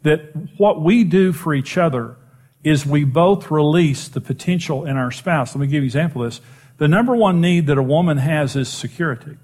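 A middle-aged man pastor preaching a sermon, telling a personal story in a self-deprecating way and rising in pitch for emphasis. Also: brisk, a little mellow.

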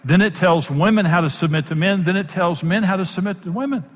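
A man's voice: high voice, brisk, in a large hall. A man who is a Bible teacher and program host, giving an emphatic, plain-spoken sermon-style teaching in numbered points.

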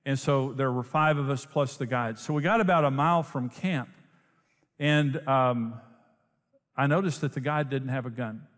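A man preaching a sermon, telling a story in an animated way and laughing often. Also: mid-range voice, normal speed. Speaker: pastor. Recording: long hall reverb.

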